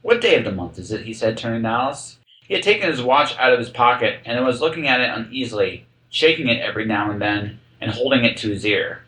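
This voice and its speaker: A man narrating a children's classic aloud as a podcast reading, with expressive storytelling. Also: medium pitch, fairly quick, few pauses, reverberant, poor audio. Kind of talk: audiobook narration.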